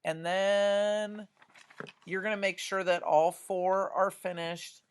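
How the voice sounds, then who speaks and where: A woman art teacher talks students through a drawing demonstration, chatty and often checking in with "right?". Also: on the low side.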